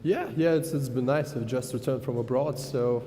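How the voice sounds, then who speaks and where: A man's voice: mid-range voice, normal speed, warm tone. A man from Latvia giving short, modest, slightly hesitant answers while chatting on stage. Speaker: startup founder on stage. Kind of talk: brief stage chat. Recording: long reverb in a large hall, from the mic.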